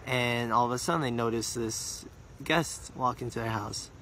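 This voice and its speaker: A man telling a religious story earnestly, repeating words for emphasis and slowing down on details. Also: medium pitch, sharp tone, slight background noise.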